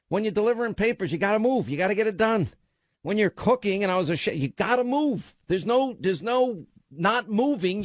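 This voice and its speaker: A middle-aged man hosts a call-in radio show, ranting forcefully with a frustrated edge. His voice sits a little high. The studio sound is dry and close. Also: no echo. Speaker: radio talk show host.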